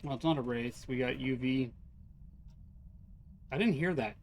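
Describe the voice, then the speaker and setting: A man's voice: medium pitch, a little slow, darkish tone, slight background noise. A middle-aged man streaming a ghost-hunting game live, chatting casually and playfully calling out to the ghost over and over. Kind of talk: casual live gameplay chat.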